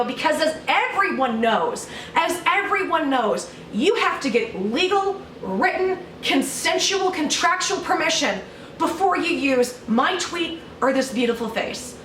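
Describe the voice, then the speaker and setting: Woman ranting sarcastic at home, pretty high voice, kinda echoey room, mic a bit far. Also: animated, moderate pace, fairly bright tone, slight background noise. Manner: sarcastic, swearing, mock-angry. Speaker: YouTuber. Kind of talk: mock-outraged sarcastic vlog rant.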